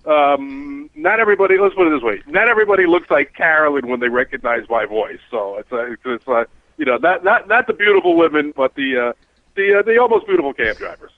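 A man's voice: fairly high pitch, expressive, a little fast, dry recording. A man co-hosting a casual radio talk show, a cab driver telling rambling, self-mocking stories. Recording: tinny phone-line sound.

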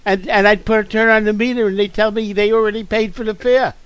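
A man's voice: sits high, steady tone, fairly quick, fairly bright tone, clean tone, no room sound. A man hosting a radio talk show, repeating words and restarting lines as he talks. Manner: repeats himself, stammering restarts. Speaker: radio host. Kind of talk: casual radio chat.

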